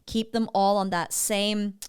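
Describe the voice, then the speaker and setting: A woman's voice: medium pitch, flat delivery, unhurried, smooth. A woman vocal coach giving feedback on singing clips in a chatty way, breaking off to sing short demo phrases.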